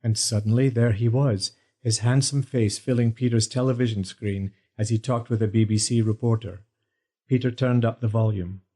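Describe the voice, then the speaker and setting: Mellow male audiobook narrator. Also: mid-range voice, steady tone, normal speed. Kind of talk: scripted narration.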